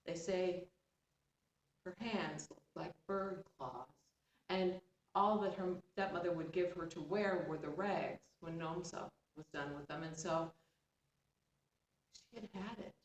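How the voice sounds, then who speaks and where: Woman storyteller, expressive, chatty asides, lowish voice, recorded far off in an echoey room with faint background hum. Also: slow, pauses often. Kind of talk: oral folktale storytelling.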